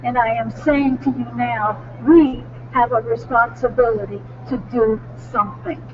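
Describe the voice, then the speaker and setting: A woman's voice: a little high, fairly even intonation, a little slow. An older woman giving an earnest, emphatic statement at a church press conference. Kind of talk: impromptu public statement. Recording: distant tinny recording with faint noise.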